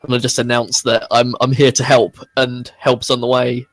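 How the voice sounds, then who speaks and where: A man's voice: medium pitch, little pitch movement, normal speed, no echo, faint music behind, low-quality recording. A man playing in a tabletop game, light and playful, laughing easily as he describes his character's moves. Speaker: player. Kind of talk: casual tabletop game play.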